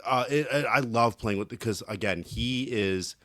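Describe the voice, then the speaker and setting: Bright joking guy, acts out every quote, dry close sound. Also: medium pitch, normal speed, no echo. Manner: animated storyteller, acts out quotes, jokey. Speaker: podcast co-host. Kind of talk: casual chat.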